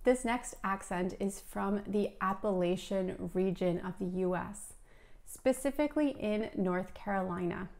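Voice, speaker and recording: A woman from Alabama teaching English, explaining clearly and steadily to viewers. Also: medium pitch, unhurried, darkish tone.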